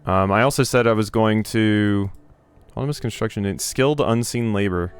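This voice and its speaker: A man with a smooth, low voice talks through a role-playing game on his own channel. He is casual and a bit hesitant, filling gaps with little pauses and "um"s as he reads text aloud and decides what to do, with soft music faintly under him. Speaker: let's play host. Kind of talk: casual gameplay commentary.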